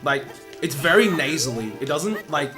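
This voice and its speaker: A man's voice: a little high, expressive, moderate pace, music in the background. An Australian man, a speedrun streamer, chatting casually and rambling as he answers his live chat.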